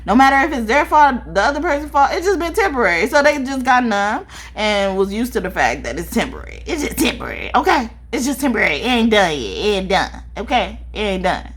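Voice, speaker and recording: A woman giving a casual spiritual tarot card reading, talking in an animated, profane way and laughing often. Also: a little high, brisk, breathy edge. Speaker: tarot reader.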